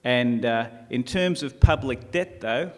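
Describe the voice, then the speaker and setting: A man's voice: medium pitch, unhurried. A man with an Australian accent giving a conference presentation with dry, self-deprecating humour and many "uh" fillers. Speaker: conference speaker. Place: conference hall. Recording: long hall reverb.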